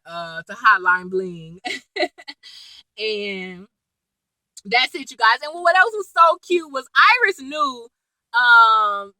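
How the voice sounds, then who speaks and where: High-voiced woman gushing through a show recap, pitch all over the place, laughing a lot. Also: dry recording, low-quality recording. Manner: animated, laughing, full of slang and asides. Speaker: TV episode reviewer. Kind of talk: casual chatty recap.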